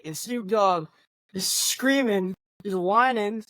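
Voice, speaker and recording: A man's voice: sits high, a little slow, a bit bright, no room sound. A man co-hosting a casual movie review podcast, talking animatedly and swearing as he retells scenes. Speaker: podcast co-host.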